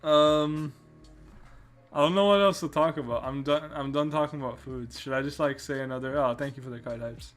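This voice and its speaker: A man's voice: on the high side, steady tone, a little fast. A man with a Canadian accent hosting a podcast, telling a travel story in a rambling way with many restarts and fillers. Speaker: podcast host.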